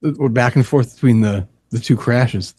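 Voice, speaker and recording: A man's voice: medium pitch, normal speed, warm tone, breathy edge, no echo. A man from upstate New York co-hosting a casual podcast, making dry jokes and teasing his guests. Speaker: podcast co-host.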